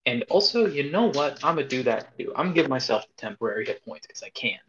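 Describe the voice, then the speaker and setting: A man playing in a tabletop game, talking in a brash, excitable way and swearing. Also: medium pitch, fast, highs cut off, background noise. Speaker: player.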